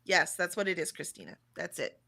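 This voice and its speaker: Woman in her forties, livestream co-host, bright and chatty, reads chat aloud. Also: fairly low pitch, big pitch swings, a little fast, creaky. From Texas, USA. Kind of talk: casual chat reading out live chat.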